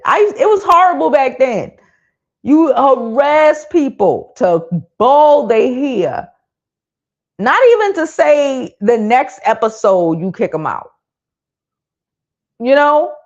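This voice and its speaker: A woman in her thirties hosting a live stream, venting bluntly in casual, profane talk. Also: on the high side. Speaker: livestream host. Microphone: streaming mic. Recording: dull lo-fi stream audio.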